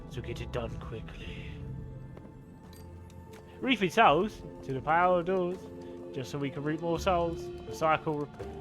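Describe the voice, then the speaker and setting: A man voicing a gruff male crow boss with a put-on Cockney accent, reading game dialogue aloud, blunt and chummy. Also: mid-range voice, pitched below the performer's own voice, lightly acted.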